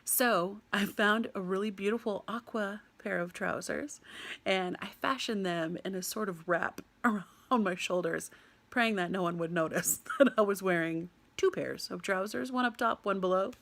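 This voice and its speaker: A young woman from the United States tells a personal story with an easy, animated delivery. Her voice carries a light gravelly fry, and she laughs often as she mimics the people she met. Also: mid-range voice, normal speed.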